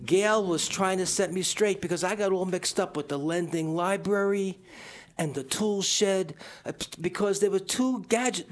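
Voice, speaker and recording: A man co-hosting a community radio show, rambling and joking with many restarts. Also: sits high. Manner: rambling, self-interrupting, jokey. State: out of breath. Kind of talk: casual radio chat.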